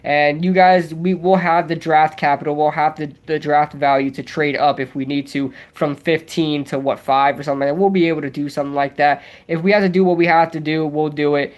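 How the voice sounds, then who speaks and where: A young man hosting a casual livestream, rambling excitably and answering viewers' chat as he goes. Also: on the high side, clean tone. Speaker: livestream host.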